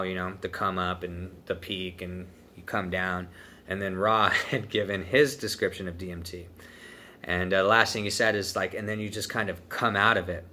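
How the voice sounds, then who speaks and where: Young man, casual storytelling, profane, laid-back, low voice, bright tone. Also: slight background noise. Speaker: vlogger telling a trip story.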